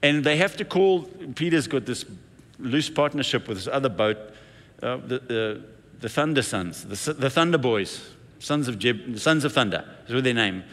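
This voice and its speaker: A man preaching a sermon in a relaxed, conversational storytelling voice. His voice sits at an ordinary male pitch. A long reverb trails behind each phrase, as in a large hall. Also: normal speed.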